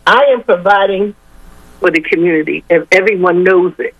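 A woman's voice: on the low side, fairly even intonation, normal speed, no room sound, dull audio. An older woman speaking as a guest in a radio interview, talking emphatically and repeating her points. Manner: emphatic, repetitive, rallying. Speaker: guest, education advocate.

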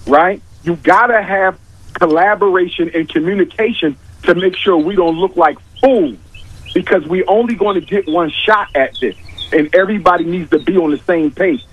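A man arguing his points emphatically on a talk show, repeating key lines for weight. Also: high voice. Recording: dull, dry lo-fi audio.

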